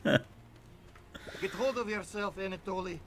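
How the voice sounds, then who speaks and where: An actor playing a stern, commanding Soviet agent with a strong Russian accent in video game dialogue. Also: male voice, sits high, slow, fairly bright tone, a little hiss or hum, exaggerated voice.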